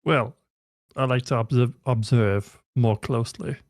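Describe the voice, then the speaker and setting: A man's voice: medium pitch, fairly even intonation, a little slow, dry recording. A man playing a tabletop game, talking casually and a little hesitantly in character, recorded close and dry.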